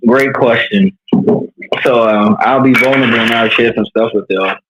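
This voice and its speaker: A man's voice: medium pitch, moderate pace, noisy background. Earnest man from New York coaching. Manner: earnest, animated storytelling. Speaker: leadership coach. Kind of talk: candid conversational interview.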